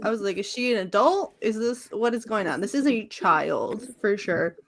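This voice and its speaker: A woman's voice: medium pitch, lively intonation, normal speed, slight background noise. A woman co-hosting a casual chat show, animatedly recapping a comic story, swearing and laughing often as she acts out the characters. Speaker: podcast co-host recapping a comic.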